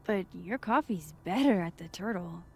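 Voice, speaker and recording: A wry young photographer sleuth. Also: female voice, lowish voice, lively intonation, moderate pace, a crowd in the background. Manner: dry, wry and direct. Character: wry young adult woman photographer investigating. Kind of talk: video game voice acting.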